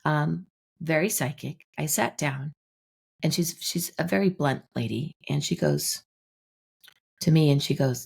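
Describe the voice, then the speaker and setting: A woman podcast guest explaining her ideas in a relaxed, explanatory way, telling anecdotes. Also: deep voice, measured pace, gravelly, slightly rough. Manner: explanatory, tells anecdotes with acted-out dialogue. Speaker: guest, manifestation teacher. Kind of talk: podcast interview.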